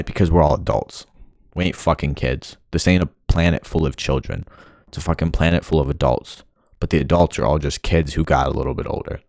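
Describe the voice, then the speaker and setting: A young man rants in a frustrated, rambling monologue, swearing freely. His voice sits extremely low with a gravelly fry. The sound is dry and close, with no room around it. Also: a little mellow, no echo. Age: young adult. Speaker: vlogger. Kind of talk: ranting monologue.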